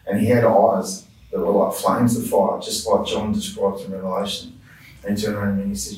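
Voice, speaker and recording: A man's voice: on the low side, flat delivery, fairly quick, a little mellow, slight background noise. A man earnestly telling his personal faith testimony as an interview guest, heartfelt and conversational. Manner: earnest, heartfelt storytelling with restarts. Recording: roomy echo, distant mic.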